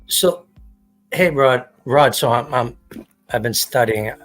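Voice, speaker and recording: A man's voice: mid-range voice, slow pace, fairly bright tone, faint music behind. Rambling, swearing man hosting a livestream. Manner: rambling, swears freely, acts out quotes. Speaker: livestream host. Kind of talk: casual chat.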